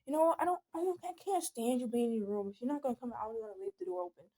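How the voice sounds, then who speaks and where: An angry, strict mother scolds her child as a young woman quotes her. The voice is mellow and warm rather than bright. It has a sharp, disapproving edge. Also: on the high side, expressive, rapid-fire. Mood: exasperated.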